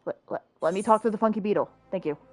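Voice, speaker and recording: A woman's voice: medium pitch, racing, faint music behind. A young woman streaming a game, chatting casually, joking and swearing freely. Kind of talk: casual gameplay chat.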